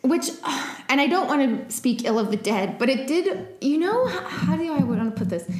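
A woman's voice: sits high, animated, normal speed, darkish tone, echoey room. A woman co-hosting a podcast, chatting casually with many fillers and laughs. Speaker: podcast co-host. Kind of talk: casual chat.

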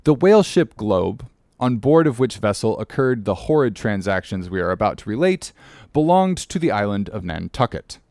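A man narrating an audiobook in a measured, formal reading manner. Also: on the low side, very animated, a little mellow, dry recording, clean studio sound.

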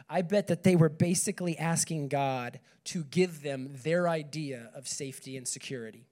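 At a campus ministry meeting, a young man with a slightly high, mellow voice gives a conversational sermon to a group. He reads scripture and checks in with "okay" and "right."

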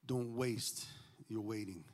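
A pastor preaching a sermon, animated and joking, swinging from loud to hushed. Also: male voice, lowish voice, slow, big-room sound.

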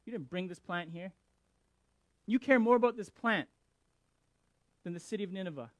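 A man voicing God as a patient male figure who gently reproaches and pleads. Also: sits high, normal speed, dry recording, close to an everyday voice. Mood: earnest reproach.

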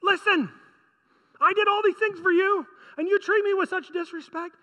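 A man's voice: extremely high pitch, fairly even intonation, normal speed, sharp tone, long reverb tail, voice pushed up. A preacher voicing an irritated God who scolds his people with pleading questions. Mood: exasperated.

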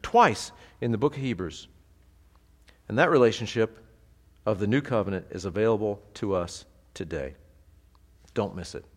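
A pastor teaching a sermon in a conversational, animated way, asking the congregation rhetorical questions. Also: male voice, lowish voice, normal speed, in a large hall.

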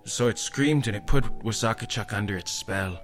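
A man's voice: on the low side, normal speed, a bit bright, soft background music. A man telling a spooky story casually, rambling with frequent "eh" and "like". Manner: rambling, tags lines with "eh" and "like". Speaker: storyteller guest.

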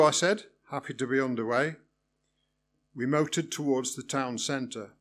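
A man's voice: mid-range voice, fairly even intonation, moderate pace, fairly bright tone. A man reading a first-person story aloud in a wry, good-humoured way. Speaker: narrator.

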